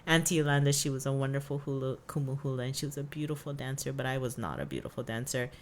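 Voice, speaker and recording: Low-voiced chatty woman from Hawaii. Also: expressive, quick pace, slight background noise. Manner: chatty, lots of fillers. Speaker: podcast co-host. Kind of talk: casual storytelling.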